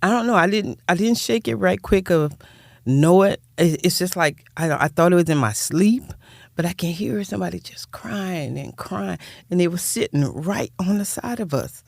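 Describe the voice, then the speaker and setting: Older woman, gravelly voice, heartfelt and rambling, close dry mic. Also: on the low side, expressive, normal speed, no room sound. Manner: rambling, heartfelt, repeats words. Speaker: guest, nonprofit founder. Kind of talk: personal storytelling in interview.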